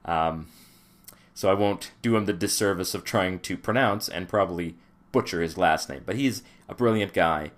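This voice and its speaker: A man's voice: low voice, moderate pace. A man hosting his own podcast, talking through ideas in a loose, rambling way with lots of fillers and restarts. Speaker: podcast host. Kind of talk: casual solo podcast talk.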